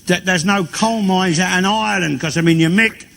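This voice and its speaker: A grumbling, bigoted old working-class Londoner holds forth. His voice sits fairly high and rasps with gravel, and he takes his time over every line. It sounds like an old television broadcast with plenty of hiss and noise. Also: moderate pace, fairly bright tone. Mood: mocking. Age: older. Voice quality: gravelly, mocking. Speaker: comic character on stage. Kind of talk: stand-up monologue in character.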